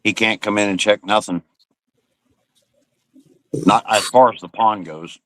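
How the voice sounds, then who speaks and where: A man from Missouri explains things plainly and matter-of-factly. His low voice comes across dry and close, with little room sound. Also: steady tone, measured pace, fairly bright tone, no room sound, poor audio. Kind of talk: casual chat.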